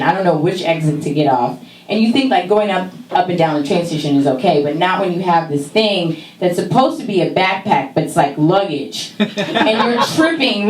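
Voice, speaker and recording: A woman telling a funny story on stage, laughing and acting out voices with big jumps in pitch. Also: moderate pace, a little mellow, reverberant, recorded from a distance, low-quality recording. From California. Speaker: stand-up comic telling a story. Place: stage in a small venue.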